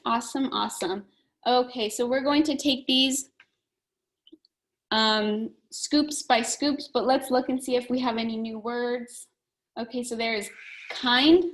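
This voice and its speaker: A woman teaching a phonics lesson to young children, slowly and clearly sounding out letters and words. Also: on the high side, poor audio.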